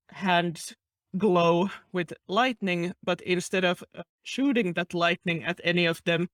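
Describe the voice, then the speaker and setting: A male tabletop player with a somewhat high voice, rambling playfully through his turn. He talks slowly, and the recording is dry. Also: fairly bright tone, smooth, dry recording. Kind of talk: casual tabletop play.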